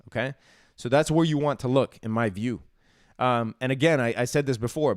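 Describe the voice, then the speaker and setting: A man's voice: mid-range voice, no room sound. Emphatic chatty man, dry close sound. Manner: emphatic, chatty, says "dude" and "right?" a lot. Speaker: stock market live-stream host. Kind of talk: casual live-stream market commentary.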